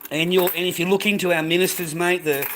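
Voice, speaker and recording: A man's voice: high voice, fairly even intonation, fast, noisy background. An Australian man ranting bluntly in casual talk to his viewers, repeating himself and calling them "mate". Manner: blunt, repetitive, ends phrases with "mate". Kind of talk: casual rant to camera.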